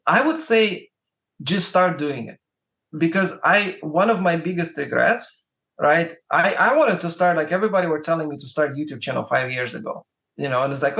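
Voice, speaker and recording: A man's voice: fairly high pitch, a bit bright. A man with a Russian accent giving casual advice as a guest, rambling and peppering his talk with "like" and "right?". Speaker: guest, music promoter.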